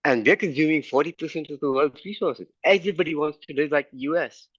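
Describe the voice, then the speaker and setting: A man's voice: on the high side, fast talker, no room sound. A man in an online class making his point emphatically, repeating figures to drive them home. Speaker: class participant. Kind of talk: argumentative discussion. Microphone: video call. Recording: dull, dry video call audio.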